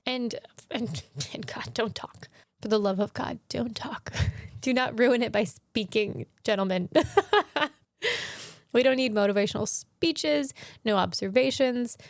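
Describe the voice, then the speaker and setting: A woman's voice: mid-range voice, dry recording, studio quality. A woman hosting a solo podcast, talking candidly and jokingly, rambling a little and swearing casually. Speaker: podcast host. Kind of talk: solo confessional podcast talk.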